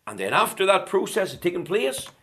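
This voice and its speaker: A man preaching a sermon, building rhetorical questions and swinging from loud declarations to hushed tones. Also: high voice, big pitch swings, fairly quick.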